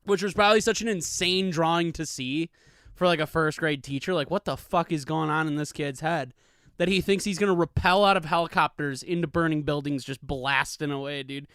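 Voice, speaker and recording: A man in his thirties with a slightly high, smooth, resonant voice rambles through a casual solo podcast, swearing freely and drifting from story to story. He is recorded dry and close on a studio microphone with a pop filter. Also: brisk, a bit bright, no echo. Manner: rambling, profane, laid-back. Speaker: podcast host.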